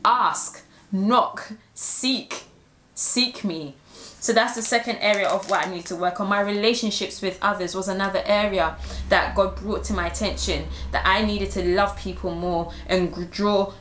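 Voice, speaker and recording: Woman, Christian influencer, heartfelt testimony vlog, mid-pitched voice, roomy echo. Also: steady tone, fairly quick, fairly bright tone, slight background noise. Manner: earnest and heartfelt.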